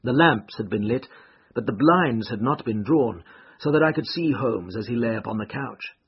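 A man giving scripted first-person narration of a classic story, telling it in a measured, expressive way. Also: medium pitch, slightly rough. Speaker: audiobook narrator. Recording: muffled lo-fi recording.

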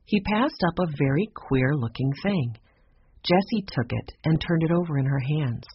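A woman narrating a children's chapter book in a measured storytelling way. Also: sits low, lively intonation, a little hiss or hum. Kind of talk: audiobook narration. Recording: dull lo-fi sound.

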